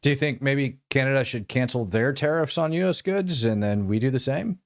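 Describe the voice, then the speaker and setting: A male host chats casually with a caller and asks probing follow-up questions. His voice sits at a middle pitch and sounds relaxed. The recording is dry and close. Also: a little fast, no echo. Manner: relaxed, probing questions, brief back-channel replies. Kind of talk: casual chat.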